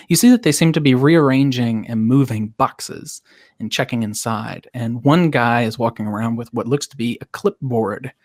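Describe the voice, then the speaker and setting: A man narrating a tabletop game as game master, in a relaxed way with fillers. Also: medium pitch, dry recording, clean studio sound.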